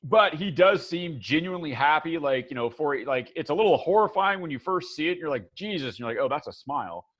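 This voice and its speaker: A man's voice: on the high side, expressive, a little fast, fairly bright tone. A man narrating a tabletop game as game master, rambling with many fillers and restarts, on a dull lo-fi recording.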